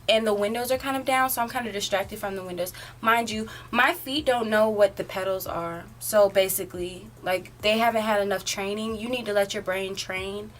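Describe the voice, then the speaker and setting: A woman's voice: mid-range voice, a little hiss or hum. An eighteen-year-old woman telling a story in a casual, rambling way, filling it with "like" and "um". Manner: rambling, filler-heavy, often says "like". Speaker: vlogger.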